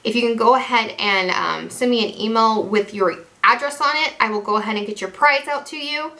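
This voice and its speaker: A woman's voice: a little high, brisk, sharp tone. A young woman chatting casually through a makeup tutorial as a beauty vlogger, rambling, self-deprecating and restarting her sentences.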